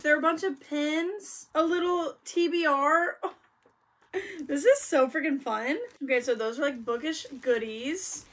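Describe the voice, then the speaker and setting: A young woman chatting in a bubbly, gushing vlog style, full of quick excited exclamations. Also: high-pitched. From United States. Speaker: book vlogger. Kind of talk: casual vlog chat.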